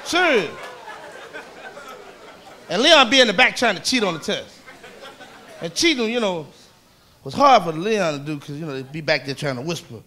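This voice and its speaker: A man's voice: sits high, lively intonation, normal speed, long pauses, bright, forceful tone, some chatter behind. A man performing a live stand-up routine, telling rowdy, profane stories and mocking people in put-on voices. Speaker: stand-up comedian. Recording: live club recording with audience. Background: audience laughter and room noise.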